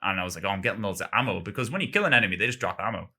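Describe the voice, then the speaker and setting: This man's fairly low voice is husky, pushed and bright, delivered in an animated, rapid-fire way. On a gaming podcast he chats casually, rambling and saying "like" constantly.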